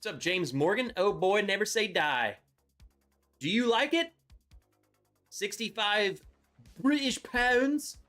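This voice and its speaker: A man's voice: high voice, very animated, normal speed, fairly bright tone, faint music behind. A man hosting a casual live stream, chatty and upbeat, greeting viewers by name as he talks. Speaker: livestream host reviewing whiskey.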